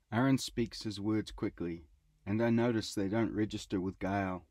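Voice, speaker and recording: A man's voice: fairly low pitch, fairly even intonation, normal speed, darkish tone, no room sound. Middle-aged man reading his travel memoir. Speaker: author narrating his own travel writing. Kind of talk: scripted audiobook narration.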